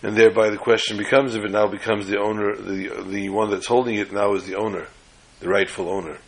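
A Torah teacher with a lowish, flat voice lectures briskly in a class, recorded with poor audio. He explains things step by step, often restarting or rephrasing words mid-sentence, and tells jokes as illustrations.

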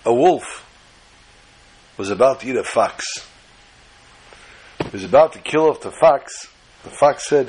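A man's voice: medium pitch, expressive, a little slow, long pauses, a little mellow, breathy edge, low-quality recording. A man giving an emphatic, lecturing sermon-style scripture lesson as a religious teacher.

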